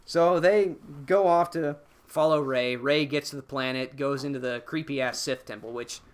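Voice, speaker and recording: A man's voice: mid-range voice, normal speed, smooth. A young man on a podcast, recapping a film in a rambling, casual way, swearing freely. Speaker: podcast co-host.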